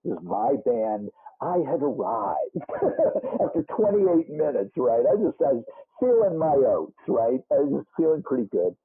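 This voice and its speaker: A man's voice: medium pitch, big pitch swings, a little slow, slightly rough. A man in his sixties with a Boston accent, a musician guest telling rambling stories with lots of restarts and asides in a casual interview. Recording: muffled phone-like band.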